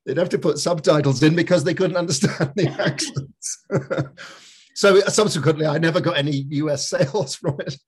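A man's voice: fairly high pitch, unhurried, slightly rough. A middle-aged man from Scotland with a light Scottish accent, chatting as an actor guest, rambling and laughing often. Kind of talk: casual interview chat.

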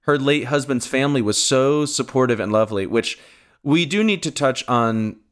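A man's voice: medium pitch, normal speed. A man co-hosting a podcast, chatting casually and thoughtfully about a film and laughing often. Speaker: podcast co-host.

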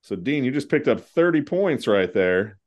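A man's voice: mid-range voice, very animated, normal speed. A man hosting a casual trivia podcast, joking around and swearing now and then. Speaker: quiz host.

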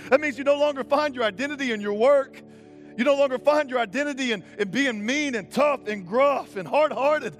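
High-voiced impassioned young male preacher. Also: fairly quick, soft background music. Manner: impassioned, rising to urgent calls then dropping to quiet intensity; casual slang mixed with preaching. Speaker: pastor. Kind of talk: sermon.

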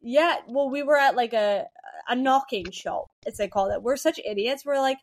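A young woman co-hosting a podcast, telling candid stories in casual chat and acting out the people she quotes. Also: fairly high pitch. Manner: candid, rapid storytelling with quoted voices. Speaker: podcast co-host.

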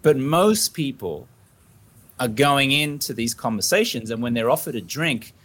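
A man's voice: mid-range voice, normal speed. Australian man telling stories animatedly. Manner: animated storytelling, acting out little scenes. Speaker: podcast guest. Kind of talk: casual interview talk.

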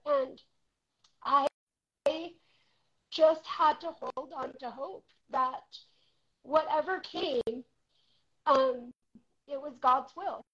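A woman's voice: sits high, very slow, long pauses. A woman in her forties sharing a candid personal story of faith as a guest, speaking in a heartfelt way. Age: 40s. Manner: heartfelt, candid, varying loudness. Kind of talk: personal testimony in conversation. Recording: dull lo-fi sound.

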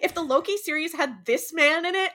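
High bright woman podcaster, swears a lot, laughs, casual chat. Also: a little fast. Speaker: podcast co-host.

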